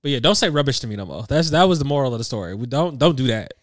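A man's voice: medium pitch, expressive, rapid-fire, no echo, clean studio sound. A man in his thirties with an American accent carrying a slight British tinge, co-hosting a podcast in a loose, rambling, laid-back way. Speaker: podcast co-host. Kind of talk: casual chat. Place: small room, seated on a couch.

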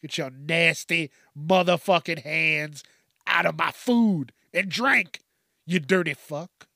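A man rants his way through a solo podcast segment, cursing constantly and breaking into laughter at his own lines. His voice is gravelly and sits a little high for a man. He talks slowly, and the sound is dry and close. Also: pushed and bright, no echo. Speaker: podcast host. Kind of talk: profane comedic rant.

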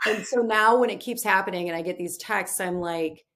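A woman in her thirties chatting as a podcast guest. She tells her story with animated energy and slips into acted voices for the people she quotes. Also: medium pitch, a little fast. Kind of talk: casual chat.

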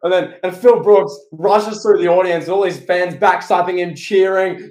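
A man co-hosting a podcast, telling a story in an animated, excitable way. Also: sits high, normal speed, few pauses. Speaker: podcast co-host. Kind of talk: casual podcast chat. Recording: echoey room.

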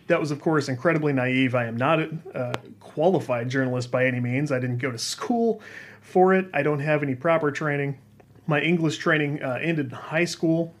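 A man's voice: fairly high pitch, normal speed. A man casually telling a personal story about freelance games writing, rambling and self-deprecating, with frequent restarts and fillers.

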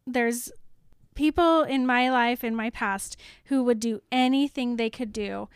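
High, smooth-voiced opinionated woman. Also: unhurried, no echo, clean studio sound. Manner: animated, opinionated, laughs often. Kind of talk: casual chat.

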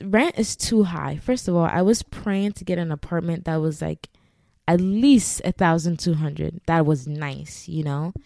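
A young woman from Massachusetts telling a personal story to her viewers in a chatty, animated way, laughing often. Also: fairly low pitch, no room sound, studio quality. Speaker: YouTuber. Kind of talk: casual storytelling to camera.

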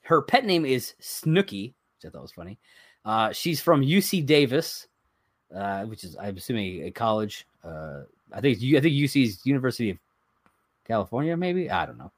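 A man's voice: mid-range voice, very animated, normal speed, no room sound. A man co-hosting a podcast, chatting casually as he reads items from a list, rambling and chuckling along the way. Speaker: podcast co-host. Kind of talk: casual chat.

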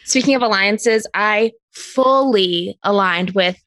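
A woman's voice: mid-range voice, takes it slowly, a bit bright, no echo. A woman co-hosting a casual chat show, giggling often and trailing off to restart her sentences. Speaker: podcast co-host.

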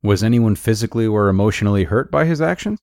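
A man with a low voice reads a blog post aloud as a podcast host. His delivery is calm and measured, and the close, dry studio recording has no room sound. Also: vocal fry, no room sound.

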